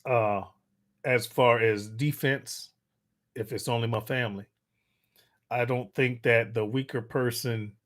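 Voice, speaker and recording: A middle-aged man hosting a casual livestream, reading viewer comments aloud and answering them with loose, crude jokes and frequent laughter. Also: medium pitch. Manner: loose and joking, crude humor, laughs often. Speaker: livestream host reading chat.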